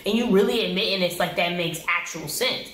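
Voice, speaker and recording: A woman's voice: medium pitch, fairly quick, a bit bright. A young woman giving casual reality TV recap commentary, blunt, slangy and exasperated. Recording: roomy echo.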